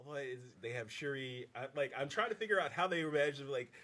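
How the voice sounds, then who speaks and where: A man's voice: medium pitch, animated, a bit bright. A man co-hosting a podcast, casually chiming into a film discussion with many restarts. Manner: halting, many restarts and yeahs. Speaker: podcast co-host. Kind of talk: casual movie review chat.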